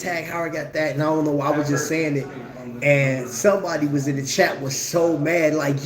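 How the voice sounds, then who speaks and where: A man's voice: fairly high pitch, a little fast, reverberant. A man from Brooklyn, hosting a casual watch livestream in a laid-back, slangy way and laughing often. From Brooklyn, New York.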